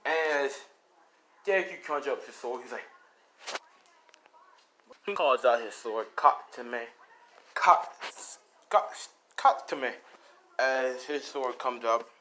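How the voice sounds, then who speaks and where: A man tells a fan story casually, rambling and swearing, with plenty of fillers. His voice sits at an average pitch with a bright, forceful tone. Faint noise sits in the background. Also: a little slow, pauses often, rough recording.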